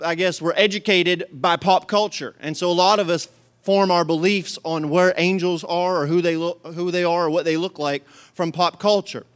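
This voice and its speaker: A man preaching a sermon to his congregation in a folksy, joking, animated way. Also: high-pitched, smooth. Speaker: pastor.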